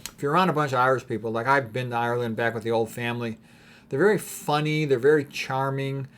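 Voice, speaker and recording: Guy talking through paintings, mid-pitched voice, lots of ums and throat clearing, opinionated. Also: steady tone, quick pace, a bit bright. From United States. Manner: rambling, opinionated, frequent throat-clearing and fillers. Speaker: art commentator. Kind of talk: casual commentary on paintings.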